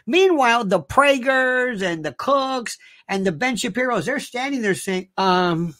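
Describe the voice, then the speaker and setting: A man's voice: very high-pitched, lively intonation, measured pace, few pauses, fairly bright tone. A man hosting his own show, delivering an emphatic, opinionated monologue and repeating himself for emphasis. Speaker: show host.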